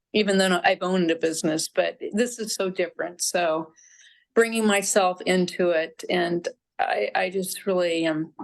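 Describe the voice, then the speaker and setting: Woman participant, slightly low voice, thankful with light laughter. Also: creaky, low-quality recording. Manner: grateful, laughs while talking. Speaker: course participant. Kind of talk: group coaching call.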